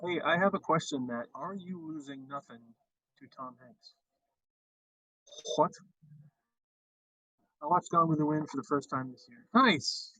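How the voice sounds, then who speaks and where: A man's voice: on the high side, measured pace, pauses often, sharp tone, slightly rough, no room sound. A man hosting a casual livestream chat, rambling with frequent restarts. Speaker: livestream host. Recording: dull lo-fi stream audio.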